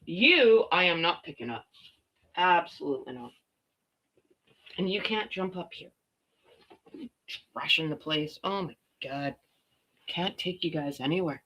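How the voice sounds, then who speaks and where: A Canadian woman hosts a casual livestream chat from home, chatty and quick to laugh as she talks to her viewers and her dogs. Her voice is lowish, expressive, and fairly bright in tone.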